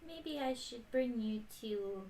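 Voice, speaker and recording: A woman playing a tabletop game in character, gently scolding like a parent. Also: a little high, expressive, slow pace, reverberant. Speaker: player.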